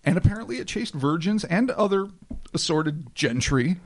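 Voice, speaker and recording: A man's voice: on the high side, lively intonation, moderate pace. A man co-hosting a podcast in casual banter, sarcastic and swearing freely. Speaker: podcast host.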